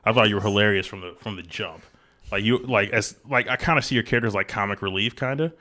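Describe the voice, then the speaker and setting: A man's voice: on the low side, fast, pushed and bright. A male host in a casual interview, joking and rambling with many fillers.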